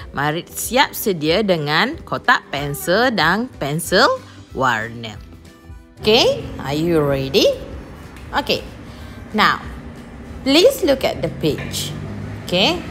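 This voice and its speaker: Malaysian woman teacher, slow and patient, lively lilting pitch, soft music behind. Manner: slow, patient, repeats each instruction in two languages. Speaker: primary school teacher. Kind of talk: online lesson for young children, English with Malay translation.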